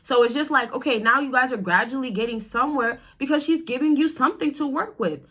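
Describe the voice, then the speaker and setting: A woman's voice: high voice, fast, fairly bright tone, slightly rough. A woman, chatty and direct, coaching men on dating in a casual vlog. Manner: chatty, direct, addresses viewers as y'all and fellas. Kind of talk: casual advice vlog to camera.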